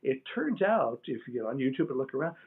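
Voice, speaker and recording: An older man, a guest on an interview show, telling stories in a casual, animated way, laughing and mimicking sounds as he goes. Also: mid-range voice, fast talker, breathy edge. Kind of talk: casual storytelling. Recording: tinny phone-like line.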